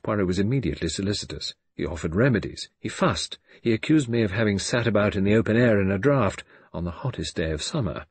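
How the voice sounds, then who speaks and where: Male narrator, low and husky, lively pitch, measured first-person audiobook read. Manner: measured, expressive storytelling with wide pitch swings.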